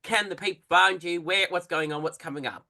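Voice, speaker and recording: An exuberant podcast host chats casually, gushing and swearing freely. The voice is bright and sits in a middle pitch. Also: brisk, vocal fry.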